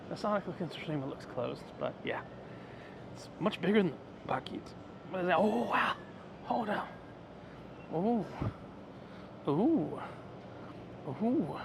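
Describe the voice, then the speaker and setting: A man chatting excitedly in a casual travel vlog, rambling with fillers as he explores roadside stops. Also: fairly high pitch, background noise. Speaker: travel vlogger. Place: roadside stores and outdoors.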